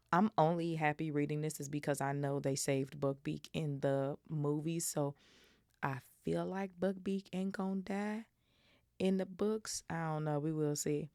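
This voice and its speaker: A young Chicago woman hosts a casual book-club podcast from home, reading a novel aloud and chatting bluntly with some swearing while seated in a squeaky chair. Her low-pitched voice is steady, a little slow, and a little mellow. The recording is dry and studio quality, made with a studio microphone.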